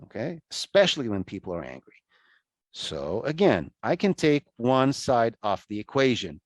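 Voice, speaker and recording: A man giving an online lecture over a video call, talking in a conversational, animated way with many restarts and asides. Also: medium pitch, moderate pace, no echo.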